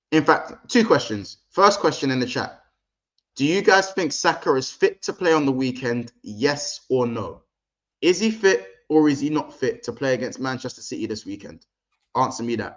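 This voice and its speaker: A man's voice: medium pitch, fairly bright tone, dull audio. A man hosting a casual football livestream, chatty and slangy, talking straight to his viewers. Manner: chatty, slangy, addresses the chat directly. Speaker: livestream host.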